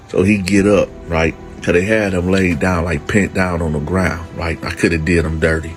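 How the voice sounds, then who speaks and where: A man's voice: deep voice, fairly even intonation, moderate pace, few pauses, faint music behind. A man who hosts a channel, casually and emphatically telling a prison story and often calling out to his listeners. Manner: emphatic, streetwise, keeps addressing the audience.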